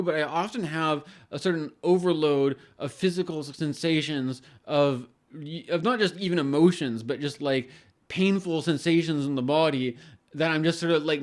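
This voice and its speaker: A man hosting an astrology channel, talking in a casual rambling monologue with many restarts and casual swearing. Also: on the high side.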